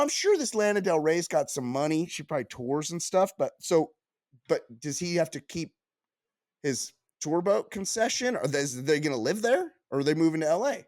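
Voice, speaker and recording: A man co-hosting a podcast, reading news aloud and riffing on it in casual comedic banter, full of restarts and quick asides. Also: mid-range voice, dry recording, clean studio sound. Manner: animated, riffing, reads news aloud then jokes; frequent restarts and filler yeahs. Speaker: podcast co-host.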